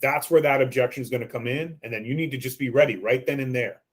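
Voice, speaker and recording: Guy coaching sales reps through a phone script, acts out the lines, middle-pitched voice. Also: fast talker, slightly rough. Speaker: sales trainer.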